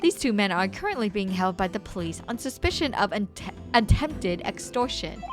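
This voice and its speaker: Stern courtroom judge, formal and measured, voiced by a woman. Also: mid-range voice, very animated, music in the background, close to an everyday voice. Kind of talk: reading game dialogue aloud.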